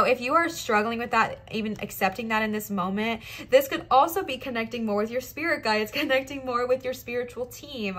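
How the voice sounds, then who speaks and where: A young adult woman giving a casual pick-a-card tarot reading, encouraging and animated, often checking in with "okay?" and "all right?". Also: a little high. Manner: animated, laughs and talks while moving cards. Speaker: tarot reader.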